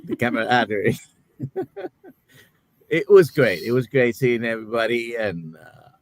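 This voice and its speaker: A man's voice: mid-range voice, a little slow, no echo. Man with a Puerto Rican Spanish accent. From Puerto Rico. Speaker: guest doctor. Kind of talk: casual live-show chat.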